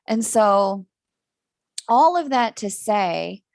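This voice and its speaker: Woman, astrology reader, live-stream reading, candid, self-mocking, gravelly, dry sound. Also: medium pitch, expressive, extremely slow, no room sound. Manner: candid, laughs at herself, swears casually.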